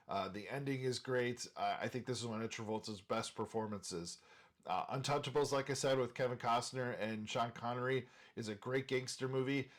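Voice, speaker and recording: Enthusiastic man from Minnesota. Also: medium pitch. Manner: enthusiastic, frequent "uh" fillers. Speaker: movie channel host. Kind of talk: casual movie-ranking talk.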